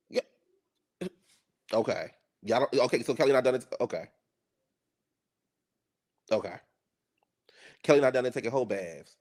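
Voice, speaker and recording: A man's voice: mid-range voice, expressive, moderate pace, long pauses, a little mellow. A man giving sassy, teasing commentary while reacting to a reality show.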